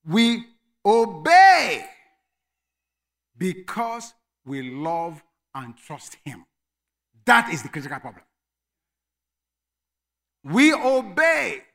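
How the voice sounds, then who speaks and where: A man preaching a sermon as pastor, emphatic, dropping to quiet asides and rising to shouted commands. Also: on the high side, big pitch swings, measured pace.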